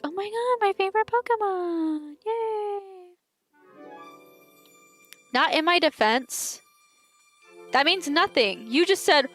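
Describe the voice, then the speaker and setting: A woman's voice: fairly high pitch, fairly bright tone. Giggly Southern woman streamer in her twenties. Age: 20s. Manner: giggly, chatty, talks straight to chat. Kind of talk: casual live-stream chat.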